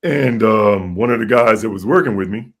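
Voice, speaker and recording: A man with a deep voice and an American accent, a guest telling animated stories in a casual interview. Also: moderate pace, creaky. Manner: animated storyteller who acts out voices.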